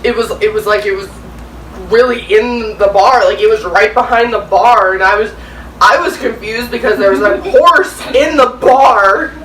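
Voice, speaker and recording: A woman tells a story at the dinner table, circling back and fixing her words as she goes. Her voice is bright and fairly high. The sound is roomy and taken from a distance, with a faint hiss underneath. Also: moderate pace. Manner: rambling, self-correcting, laughs while telling. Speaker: family channel co-host. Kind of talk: casual mealtime storytelling.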